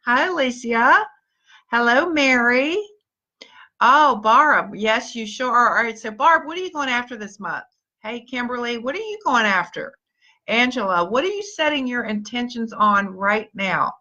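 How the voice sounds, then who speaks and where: A woman's voice: a little high, pushed and bright, dull audio. A woman leading a live-stream pep talk, encouraging her team and greeting viewers by name in an upbeat way. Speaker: motivational speaker and team leader.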